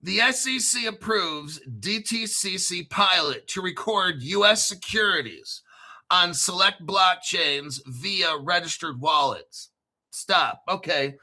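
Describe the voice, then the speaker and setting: A man hosting his own crypto show, talking in a hyped, profane rush and clearing his throat often. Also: high-pitched, lively intonation, slow, sharp tone. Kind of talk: excitable solo commentary stream.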